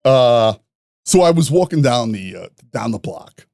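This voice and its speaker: A man, a podcast guest telling rough stories in a profane, animated way, laughing at his own jokes. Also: medium pitch, a little slow, no echo, studio quality. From New York. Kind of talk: casual storytelling.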